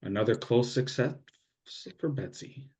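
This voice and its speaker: A man's voice: mid-range voice, measured pace, darkish tone. A man takes part in a tabletop game, describing his actions casually with many fillers. His voice sits in an average range. The recording sounds dull and lo-fi. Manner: casual, filler-heavy talk. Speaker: player.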